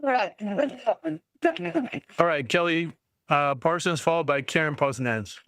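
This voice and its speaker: A matter-of-fact man chairs the meeting and calls each next speaker in short phrases. His voice is smooth and mid-range, and the sound is dry. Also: a little high, takes it slowly, pushed and bright, no echo. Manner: brief, matter-of-fact announcing. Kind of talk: calling names at a public meeting.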